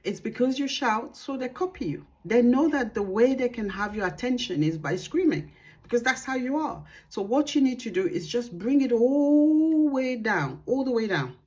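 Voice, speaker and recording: A woman working as a parenting consultant, giving calm, earnest advice to the camera and acting out bits of dialogue as she goes. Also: on the high side, normal speed, muffled recording.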